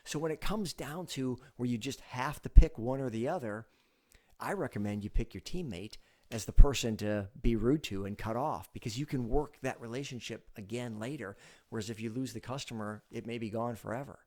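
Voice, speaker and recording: A man hosting a sales advice show, talking straight to the viewer in a conversational coaching way, acting out meeting lines with sudden loud bursts. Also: mid-range voice, moderate pace. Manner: conversational, coaching in second person. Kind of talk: direct-to-camera advice talk.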